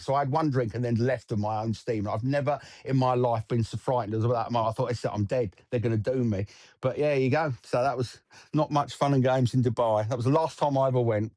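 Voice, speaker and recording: A man's voice: mid-range voice, brisk. This is a middle-aged man who tells stories casually and swears freely. He slips into the voices of the people in his tale. His voice sounds dry and close, with no room echo. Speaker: podcast guest. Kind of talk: casual anecdote telling.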